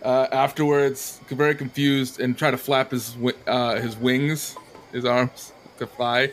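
A man's voice: mid-range voice, little pitch movement, a little slow. Man narrating as game master. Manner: hesitant, filler-heavy narration.

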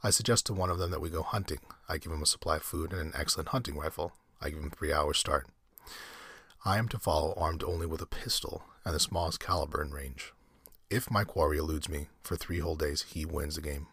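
A man with a very deep, husky voice reading the part of a cultured, cruel aristocratic general who hunts men, speaking in a suave, pleasant, mocking way. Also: fairly even intonation, brisk, a bit bright, no room sound, studio quality, exaggerated voice. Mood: pleasantly smug.

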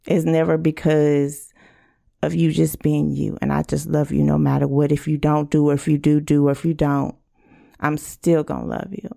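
A woman's voice: sits low, flat delivery, moderate pace, vocal fry, dark tone. A woman hosting a casual podcast, blunt and profane, acting out quoted arguments. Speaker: podcast host.

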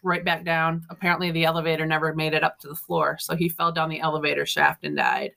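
Chatty woman telling ghost stories, bright voice. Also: deep voice, fast, vocal fry. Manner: chatty, laughs often, quotes people in animated voices. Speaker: guest, ghost tour guide and co-author. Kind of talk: casual storytelling interview.

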